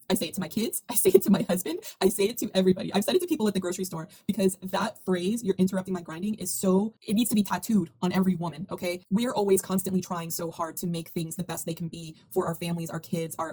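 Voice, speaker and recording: A woman in her thirties talks through a music video in a casual, emphatic commentary. Her voice sits low and sounds mellow and warm. She speaks quickly, with fillers and restarts as her thoughts run on. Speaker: video essay host.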